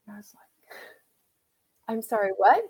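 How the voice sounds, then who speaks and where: A woman's voice: medium pitch, a little slow, slightly rough. A woman in her fifties, an interview guest, telling a personal story with emotion and acting out what people said to her. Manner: emotional, animated retelling with acted-out quotes.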